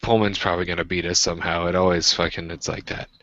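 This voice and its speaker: A man's voice: sits low, flat delivery, fast, sharp tone, no room sound, muffled recording. A man, chatting and ranting with profanity as a podcast co-host. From Washington state, USA. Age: 20s. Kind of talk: casual chat.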